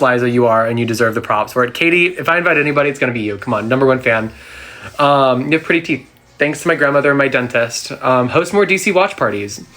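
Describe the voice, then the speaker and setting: Fans send in questions and a young man fires back quick, sassy answers into his phone, chatting casually on a live stream. He sits on the floor at home, and his voice is medium in pitch and a touch bright.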